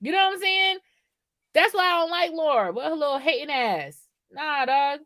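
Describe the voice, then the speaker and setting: A woman's voice: high voice, animated, normal speed, pushed and bright, no room sound. A woman co-hosting a podcast in casual, profane chat, rambling and often checking in with "right?". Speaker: podcast co-host.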